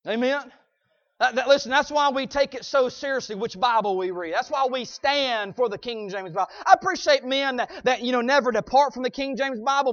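A male preacher delivering an emphatic sermon, punctuating his points with "Amen?" and swinging from shouts to quiet asides. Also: sits high, dry recording. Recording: dull, dry lo-fi recording.

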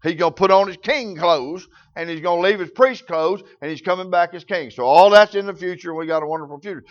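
A man's voice: high voice, fast, lo-fi sound. A man preaching a sermon, telling folksy stories in rural grammar.

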